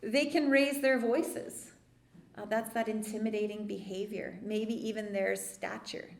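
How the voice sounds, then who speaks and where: A woman therapist giving a workshop talk, explaining calmly with lively asides. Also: mid-range voice, unhurried, gravelly, roomy sound. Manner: calm explanatory teaching with lively dramatic asides. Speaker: therapist leading a church workshop.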